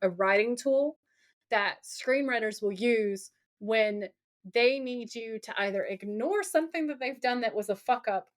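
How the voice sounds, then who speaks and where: A woman co-hosting a casual podcast, recapping a TV episode in an animated, profane way and dropping into a gruff low voice for quoted lines. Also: a little slow. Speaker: podcast co-host.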